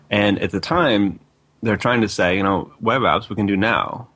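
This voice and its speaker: Deep-voiced man, rambling tech guest. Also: normal speed, a bit bright. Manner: rambling, loose, full of hedges and restarts. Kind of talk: casual radio interview talk.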